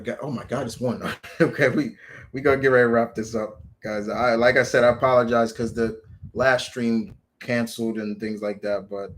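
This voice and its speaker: A man's voice: on the low side, slight background noise. A man hosting a live stream, ranting casually about comic heroes and answering viewer questions, restarting his sentences and swearing freely.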